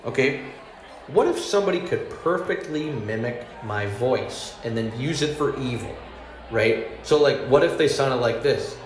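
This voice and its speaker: A man's voice: medium pitch, animated, a little slow. A man telling stand-up stories in a mid-range voice, wandering off track and laughing at his own lines. The sound is roomy with a faint hum behind him. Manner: meandering, self-deprecating, chuckles through his own jokes. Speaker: stand-up comedian. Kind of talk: rambling stand-up set. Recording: echoey room with faint hum.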